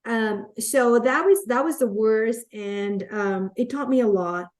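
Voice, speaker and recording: A Latina woman who is a guest on a podcast, telling stories from her career in an animated way and acting out the quotes. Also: on the high side, unhurried. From Latin America. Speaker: guest, network marketer. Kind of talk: conversational storytelling.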